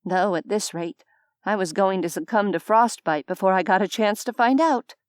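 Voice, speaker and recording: A woman's voice: medium pitch, normal speed, no echo. Woman narrating an audiobook, dry sound. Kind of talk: scripted first-person narration.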